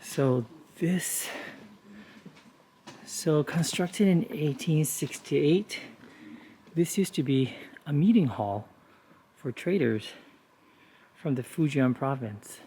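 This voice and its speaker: Male travel host, relaxed tour-guide delivery, outdoor street walk, faint background noise. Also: a little high, slow pace, pauses often. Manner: relaxed, informative, with frequent "uh" and "you know" fillers. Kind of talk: casual walking tour narration.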